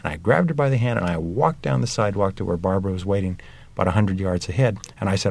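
A middle-aged man with a low, gravelly voice, speaking about parenting in an earnest storytelling manner. He leans on everyday examples as he talks. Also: fast, a little mellow.

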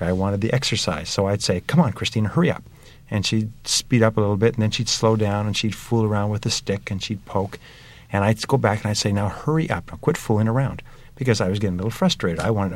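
A middle-aged man with a low, gravelly voice, speaking about parenting in an earnest storytelling manner. He leans on everyday examples as he talks.

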